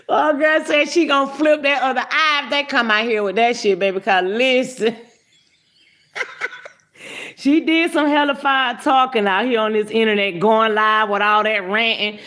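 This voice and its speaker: A woman's voice: medium pitch, a bit bright. A woman hosting a casual livestream, greeting viewers by name and giving brash, profane commentary with lots of laughter.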